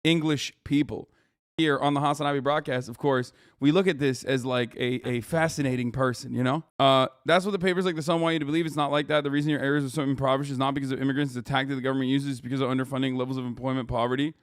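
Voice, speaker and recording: A man's voice: mid-range voice, fairly even intonation, quick pace, smooth, no echo, clean studio sound. A man commenting loosely on a clip during a live stream, swearing often and laughing between thoughts. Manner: loose, profane and laughing, with frequent fillers.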